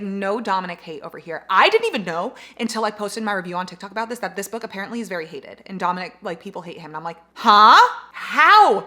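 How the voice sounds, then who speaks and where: A young woman talking casually and excitedly about books she read, gushing and slangy, full of "like". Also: medium pitch. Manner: gushing, animated, slangy with lots of "like". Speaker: book vlogger. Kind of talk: casual book review chat.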